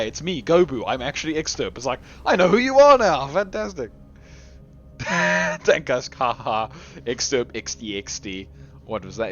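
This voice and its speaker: A man's voice: mid-range voice, fairly bright tone, lo-fi sound. A man giving live commentary on a game tournament, reading chat aloud and joking with viewers, laughing often. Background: faint game music.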